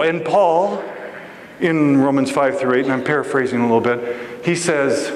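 A man giving a storytelling sermon as a guest preacher, animated and acting out voices in his story, recorded in a church sanctuary. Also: medium pitch, normal speed, a little hiss or hum. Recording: echoey church hall with faint ambience.

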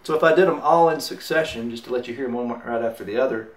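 A man's voice: medium pitch, fast talker. A man teaching mandolin rhythm, talking in an easy way while he demonstrates and counts beats aloud. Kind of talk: instructional demonstration. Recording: roomy, off-mic with mandolin playing. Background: mandolin music.

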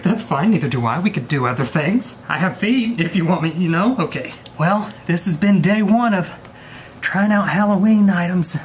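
Animated young man joking to a prop. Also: high voice, normal speed, music in the background. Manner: playful, jokey asides to an object. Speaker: vlogger. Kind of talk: comedic vlog, talking to a prop.

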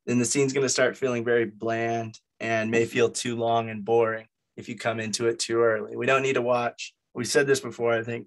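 A man's voice: mid-range voice, fairly bright tone. A man who is losing his voice, leading a group meeting in a loose, conversational way with plenty of fillers. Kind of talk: casual explanatory talk.

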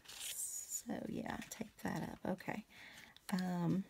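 A woman chatting casually to her viewers while she crafts, rambling with many fillers and soft asides. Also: fairly low pitch, fairly even intonation, drawn-out words, creaky, a little hiss or hum. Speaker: craft vlogger.

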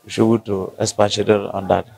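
A man with a Nigerian accent answering interview questions, halting and restarting as he searches for words. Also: lowish voice, flat delivery, gravelly, darkish tone. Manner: halting, restarts often, slow to find words. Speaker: interviewee from the local community.

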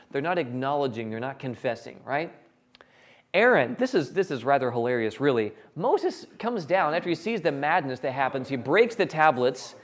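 A man preaching a sermon, animated and jokey, acting out characters in quick quotes. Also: on the high side. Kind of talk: sermon with acted Bible quotes.

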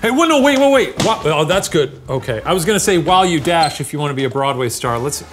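A man's voice: on the high side, lively intonation, fast talker. A man co-hosting a comedy show, teasing and playful, stretching words for laughs, with music behind. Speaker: co-host. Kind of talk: comedic banter. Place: bar set.

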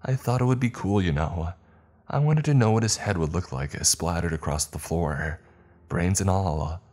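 A man's voice: low-pitched, normal speed, a little mellow. A man voicing a gleeful, cruel teenage girl who taunts in a sing-song, giggling way. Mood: taunting.

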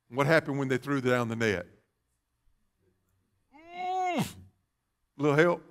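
A man preaching a sermon as pastor, calling out questions to the congregation and rising to loud, fervent passages. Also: mid-range voice, wildly swooping pitch, takes it slowly, pauses often. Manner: call-and-response preaching, rising to loud fervor. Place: church sanctuary.

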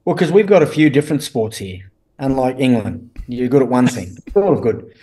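A man's voice: mid-range voice, expressive, normal speed, warm tone. An Australian man from the country, joking wryly in a laid-back chat over a video call from home. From rural Australia. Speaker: guest. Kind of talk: casual chat.

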